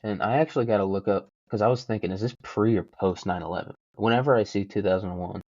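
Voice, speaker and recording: A man's voice: fairly low pitch, fast talker, darkish tone, dry recording, dull audio. A young man hosting a solo podcast, rambling casually with lots of swearing and self-mocking jokes. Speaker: podcast host.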